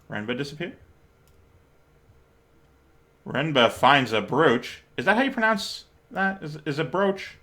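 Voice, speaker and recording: A man hosts a relaxed game playthrough, chatting to himself and reading dialogue aloud. His voice sits at an ordinary middle pitch, and he talks in a playful, loose way with quick laughs and the occasional mild swear. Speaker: let's play host. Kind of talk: casual gameplay commentary, reading game text aloud.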